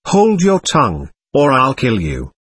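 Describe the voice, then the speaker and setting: A man's voice: mid-range voice, huge pitch swings, measured pace, a bit bright, breathy edge, exaggerated voice. A man reading as an angry, ashamed young man who answers in curt, bitter retorts, in an audiobook of a novel. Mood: furious.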